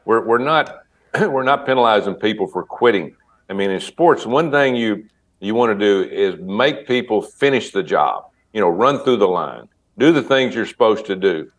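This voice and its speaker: Low halting former coach. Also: male voice, expressive. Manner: halting, restarts often. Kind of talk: interview guest.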